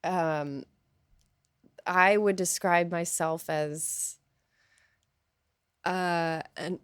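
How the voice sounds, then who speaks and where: A woman interviewee talking candidly, thoughtful and hesitant, pausing often as she searches for words. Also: on the low side, steady tone, clear, resonant tone, dry recording, clean studio sound. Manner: thoughtful and hesitant, with many pauses and fillers. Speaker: guest.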